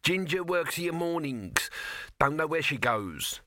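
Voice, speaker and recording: A man voicing a nervous, squeaky male dwarf cook who hurries to agree. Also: lively intonation, bright, forceful tone, no room sound. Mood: frightened. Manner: squeaky, fawning, quick to agree.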